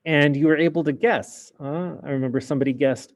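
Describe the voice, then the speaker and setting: A man's voice: medium pitch, normal speed, a little mellow. A man teaching a French class in a casual explaining way, with many fillers. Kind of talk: recorded class lesson.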